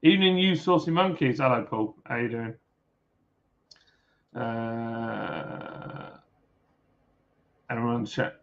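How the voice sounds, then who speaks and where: A Yorkshire man drifts slowly through a relaxed livestream chat, his voice rough with fry as he riffs on viewer comments. The sound is dull and lo-fi, like a basic computer mic at home. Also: mid-range voice. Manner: chatty, jokey, lots of filler "uh"s. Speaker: livestream host. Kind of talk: casual chat reading live comments. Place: home, drinking beer. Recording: dull lo-fi stream audio.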